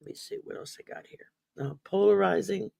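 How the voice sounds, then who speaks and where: A man's voice: high-pitched, fairly quick, gravelly, noisy background. A man hosting a casual talk about mental wellness, rambling with many ums and restarts, sounding sleepy. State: sleepy, yawning. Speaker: podcast host.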